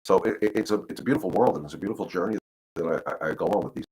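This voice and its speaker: A man's voice: deep voice, very fast, a little mellow, breathy edge, rough recording. A middle-aged man, a dog trainer, giving casual advice in a rambling way, often repeating words as he talks. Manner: rambling, repeats words, acts out quoted voices. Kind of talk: casual livestream advice talk.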